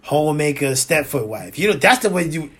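A man co-hosting a podcast in casual chat, slangy and laid-back, repeating points slowly for emphasis. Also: fairly high pitch, very animated, a bit bright, slightly rough. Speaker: podcast co-host.

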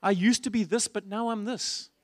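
A man's voice: sits high, fairly even intonation, normal speed, no room sound. A man preaching a sermon in church, passionate and repetitive, asking his listeners rhetorical questions. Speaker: pastor.

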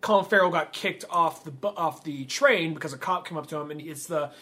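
A man's voice: on the high side, brisk, sharp tone. A man co-hosting a podcast, chatting casually and rambling as he retells film scenes. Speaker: podcast co-host. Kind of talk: casual chat.

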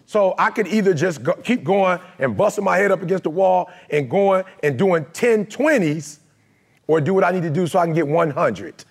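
Addressing a live crowd, a man from Detroit, USA speaks in a gravelly, raised voice pitched slightly above the typical male range. His motivational talk moves at a moderate pace with lively intonation, emphatic, conversational and packed with street slang.

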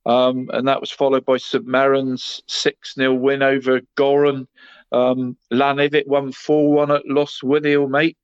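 A man's voice: mid-range voice, completely flat delivery, measured pace, clear, resonant tone, no echo. A man running through local football results in casual radio chat, adding "mate" to nearly every phrase. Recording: slightly muffled, dry studio sound.

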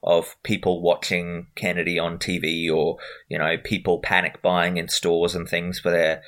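A man with a lowish voice talks casually about a film he watched. He speaks in a loose, conversational way and often stops and restarts mid-sentence, like a podcast co-host reviewing a movie. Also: monotone, normal speed, fairly bright tone.

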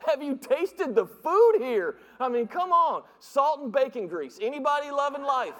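A middle-aged man preaching in a church, with a strikingly high voice for a man. His sermon is playful and animated, full of jokes and stories told in other people's voices. Long reverb from the church hall trails behind his words. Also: moderate pace. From northern United States. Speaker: pastor. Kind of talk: humorous sermon with storytelling. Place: church sanctuary.

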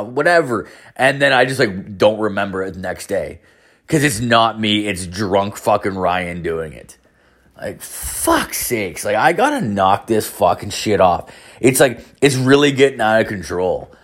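Man, late thirties, casual storytelling, heavy swearing, rambling. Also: mid-range voice. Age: 30s. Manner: rambling, profane, animated. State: hungover.

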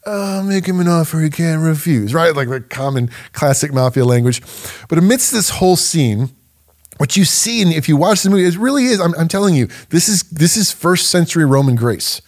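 A man hosting a teaching podcast, talking in an emphatic, animated way and laughing between points. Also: on the high side, fairly quick. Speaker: podcast host and Bible teacher.

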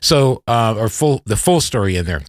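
A man's voice: medium pitch, expressive, moderate pace, dry recording, clean studio sound. A middle-aged man hosting a podcast, telling a personal story in a reflective, conversational way and then interviewing his guest. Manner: reflective, conversational, self-correcting. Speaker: podcast host.

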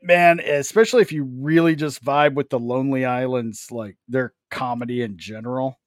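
A man with an everyday middle-pitched voice co-hosts a podcast, crude and laid-back in his joking. His mic sound is dry and close. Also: moderate pace, no room sound. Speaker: podcast co-host. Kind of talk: casual podcast chat.

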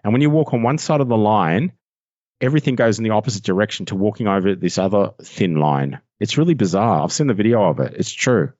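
Rambling Australian man, low voice. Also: fast, no room sound, highs cut off. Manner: excitable, rambling, laughs at himself. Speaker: voiceover artist guest. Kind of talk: casual podcast chat.

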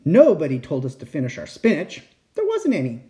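A man reading a children's picture book aloud as a bedtime story, in an expressive storytelling manner. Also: a little high, a little fast. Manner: expressive, animated.

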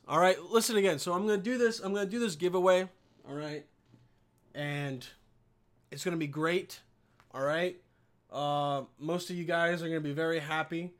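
Brash, profane young man with a high voice. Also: fairly bright tone. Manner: profane, mocking, rambling. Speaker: vlogger. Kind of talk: casual commentary on videos.

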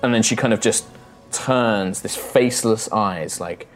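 A man's voice: lowish voice, a little slow, over music. A man narrating a tabletop game as game master, describing the action loosely with plenty of "kind of" and "like". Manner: descriptive, with many fillers like "kind of".

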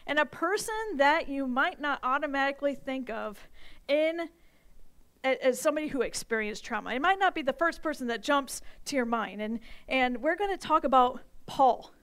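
Woman pastor, high pitch, lively and playful sermon delivery before a congregation. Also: moderate pace. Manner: animated, playful, with bursts of emphasis. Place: church service with live audience.

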